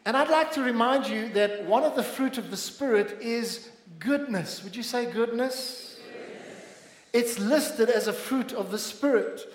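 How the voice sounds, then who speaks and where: A man's voice: very high-pitched, measured pace. A man with a South African accent preaching a sermon earnestly and calling out to the congregation. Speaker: pastor. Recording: echoey church hall.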